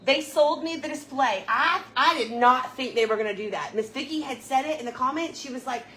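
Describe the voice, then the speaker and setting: Woman, casual livestream chat, slightly high voice, storytelling, faint background noise. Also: fairly quick, sharp tone. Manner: chatty, storytelling, laughs often. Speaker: livestream host.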